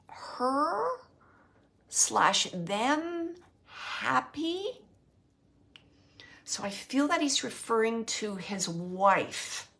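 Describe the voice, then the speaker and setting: A woman working as a psychic medium, talking slowly and with emotion as she passes on messages during a live reading. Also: mid-range voice, fairly bright tone. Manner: slow, emotional, relaying spirit messages. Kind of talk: livestreamed spirit reading.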